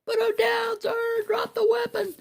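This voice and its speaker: A man voicing a panicked guard who shouts frantic orders in a shrill voice. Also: monotone, measured pace, creaky, exaggerated voice.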